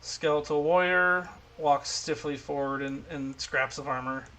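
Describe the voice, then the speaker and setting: A man narrates a tabletop game as game master, talking casually into his home streaming mic. His voice sits a bit high and rings bright. He is chatty and laughs often between monster moves. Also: unhurried.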